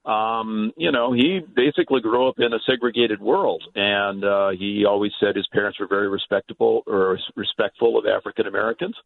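Male phone-in guest, lower voice, hesitant, lots of filler, tinny line. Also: steady tone, brisk, gravelly, hardly any pauses, no room sound. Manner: hesitant, many filler sounds. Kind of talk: interview answers.

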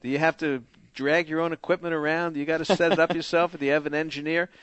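A man hosts a sports radio show, chatty and jovial and quick to laugh. His voice sits a bit high for a man and sounds close and dry, with no room around it. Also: level tone, fairly bright tone, dry recording. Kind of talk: casual radio interview.

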